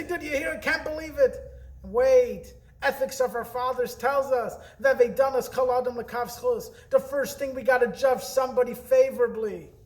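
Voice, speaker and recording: A man giving an earnest weekly Torah message, telling the story in a preacherly way with emphatic pauses. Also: extremely high pitch. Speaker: rabbi.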